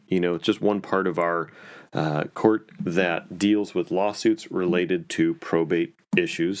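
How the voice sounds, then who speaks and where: A man who is an estate planning and probate attorney, telling a story casually with many fillers and restarts. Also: deep voice.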